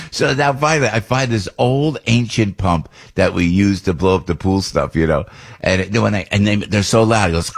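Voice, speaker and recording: A man's voice: on the low side, creaky, husky. A man casually telling a rambling story straight to the listener, chuckling often between phrases. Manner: talks directly to the listener.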